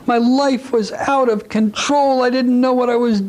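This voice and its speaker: A grief-stricken mother weeps and pleads, her voice climbing high and cracking with remorse, as a male instructor acts her out. She repeats herself, begging forgiveness. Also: normal speed, darkish tone, rough recording. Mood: sobbing remorse.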